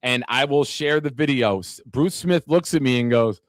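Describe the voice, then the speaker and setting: A man's voice: mid-range voice, moderate pace, dry recording. A man hosts a loose sports talk show, trading brash jokes and stories with his guests. His voice sits in a middle register, recorded close and dry with no room sound. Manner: brash, joking storyteller. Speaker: podcast host.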